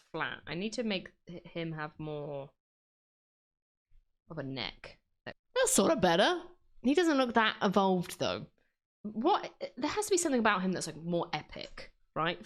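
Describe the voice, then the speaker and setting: Chatty woman with a lively voice. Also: on the low side. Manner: chatty, self-mocking, laughs often. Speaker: drawing vlogger. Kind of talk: casual chat while drawing.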